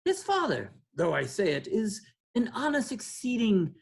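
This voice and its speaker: A woman reading the part of a muddled, humble, half-blind poor old man in an amateur play reading, halting and doddering. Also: mid-range voice, wildly swooping pitch, vocal fry. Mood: confused.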